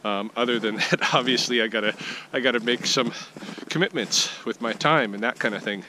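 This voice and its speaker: A man's voice: mid-range voice, normal speed. A man giving a casual weekly vlog update outdoors in his backyard, thinking aloud with plenty of fillers and restarts. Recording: outdoor ambient noise behind the voice.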